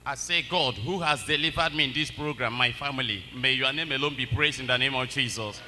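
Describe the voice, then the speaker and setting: A man stands before a congregation to give his testimony. He speaks earnestly in a very bright voice. A long church reverb follows his words. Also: medium pitch, brisk, a little hiss or hum. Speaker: church member giving testimony.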